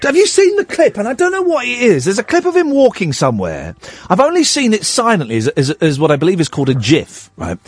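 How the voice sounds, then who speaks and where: A man hosting a late-night radio phone-in, sarcastic and animated, mocking callers' opinions with a laugh. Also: high-pitched, quick pace.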